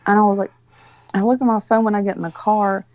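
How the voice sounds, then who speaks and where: A woman's voice: mid-range voice, fairly even intonation, quick pace, darkish tone, dry recording, lo-fi sound. A woman telling a story in casual chat, rambling, exasperated and full of swearing.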